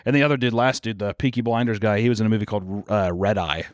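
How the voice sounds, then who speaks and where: A young man co-hosting a podcast in casual chat, riffing and joking with lively swings into put-on quoted voices. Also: lowish voice, dry recording, studio quality. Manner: animated, swearing, quick jokey riffs with put-on quotes. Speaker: podcast co-host.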